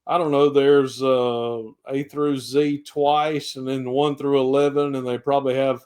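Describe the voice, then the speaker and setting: A man's voice: medium pitch, flat delivery, a little slow, a little mellow, smooth. Man, thick Southern Georgia accent, pastor, folksy, rambling podcast chat. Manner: folksy, rambling, with country sayings. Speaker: pastor and guest. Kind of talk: casual podcast interview.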